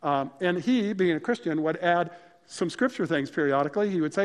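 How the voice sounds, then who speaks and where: Pastor preaching in a reverberant hall. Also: male voice, high-pitched, animated, fairly quick. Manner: conversational, emphatic, storytelling. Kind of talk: sermon.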